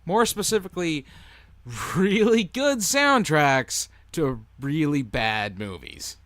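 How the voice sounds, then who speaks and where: A man's voice: fairly high pitch, animated, takes it slowly, a bit bright, no room sound. A man with a Canadian accent co-hosting a casual podcast, playful and jokey as he tells stories. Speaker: podcast co-host. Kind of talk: casual chat.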